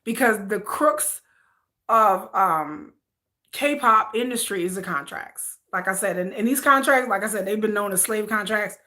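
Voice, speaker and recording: A woman's voice: medium pitch, lively intonation, unhurried, pushed and bright. A woman vlogger chatting casually on a livestream, rambling and repeating herself as she answers viewer comments.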